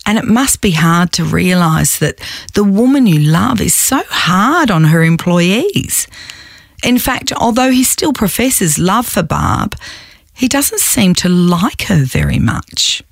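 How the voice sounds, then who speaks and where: A woman's voice: lowish voice, big pitch swings, slow, vocal fry, no room sound. A woman host giving scripted, wry narration. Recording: dry voice-over with faint music.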